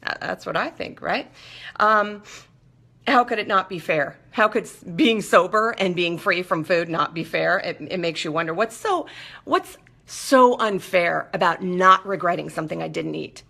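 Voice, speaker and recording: A woman's voice: on the low side, normal speed, gravelly, bright, forceful tone. A woman hosting a live talk, speaking emphatically and often checking in with her listeners. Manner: emphatic, keeps checking in with okay and right. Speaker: host. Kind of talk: casual live monologue.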